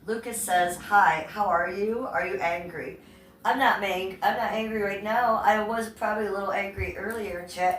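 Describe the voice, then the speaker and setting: A woman's voice: mid-range voice, fairly even intonation, moderate pace, a bit bright. A woman hosting a casual livestream from home on a phone microphone, chatting with viewers and her pets. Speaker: livestream host. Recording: roomy, distant phone audio, faint noise.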